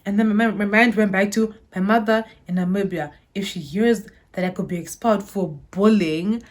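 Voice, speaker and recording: A young woman from Zimbabwe, a YouTuber telling a storytime to her viewers in an animated, dramatic way. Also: mid-range voice, normal speed. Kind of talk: storytime vlog.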